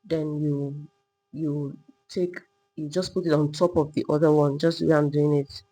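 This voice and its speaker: A woman teaching a step-by-step sewing tutorial, calmly talking through each move while she drafts and cuts a pattern. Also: low voice, normal speed, husky, poor audio. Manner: patient, repetitive demonstrating, talking while working. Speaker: sewing instructor.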